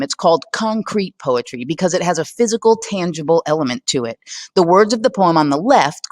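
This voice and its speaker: A woman's voice: sits low, no room sound. A woman narrating a scripted poetry lesson in a conversational way, often putting questions to the listener. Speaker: teacher.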